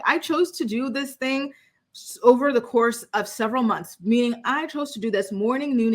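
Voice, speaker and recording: A woman with a bright, forward voice chats through a reality TV recap. She talks in an easy, opinionated way, full of "like" and "you know what I mean.". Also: a little high. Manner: chatty, opinionated, heavy use of "like". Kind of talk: casual chat recap.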